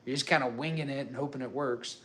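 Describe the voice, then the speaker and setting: A young man of middle pitch talks to his viewers from home, loose and chatty, tripping over his words and circling back as he goes. A faint hum of the house hangs behind him. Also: fairly even intonation, fast, a bit bright. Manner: rambling and chatty, with frequent fillers and restarts. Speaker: working dad vlogger. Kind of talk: casual talk to camera.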